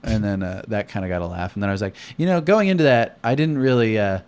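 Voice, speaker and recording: Young male comic host, low voice, profane and animated storyteller. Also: fast, smooth. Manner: profane, animated, acts out quotes loudly. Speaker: comedian podcast host. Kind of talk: casual storytelling chat.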